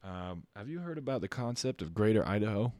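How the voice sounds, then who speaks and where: Low-voiced man ranting in a podcast. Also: fairly quick, no room sound, clean studio sound. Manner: animated, ranting, exaggerated. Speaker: podcast co-host. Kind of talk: casual chat.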